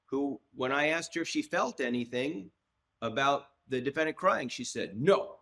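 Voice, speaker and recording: A man in his sixties tells a long story as a podcast guest. He speaks at a middle pitch, restarts his sentences often, and slips into voices when he quotes people. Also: moderate pace, creaky. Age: 60s. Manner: lively storyteller who acts out quoted dialogue, with frequent restarts. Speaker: trial lawyer, podcast guest. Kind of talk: anecdotal storytelling in a podcast interview.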